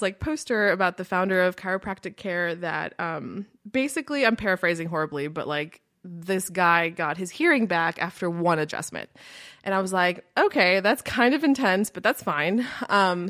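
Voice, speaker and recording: A woman's voice: on the low side, a little fast, a bit bright, no echo, studio quality. Chatty woman telling a personal story. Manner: chatty, lots of "like" and "um" fillers. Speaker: podcast host; entrepreneur. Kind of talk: casual storytelling monologue.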